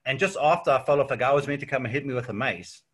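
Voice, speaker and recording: A South African man chats casually as an interview guest, telling stories in a relaxed way full of "yeah" and "um." His mid-range voice has a breathy edge, and he races along.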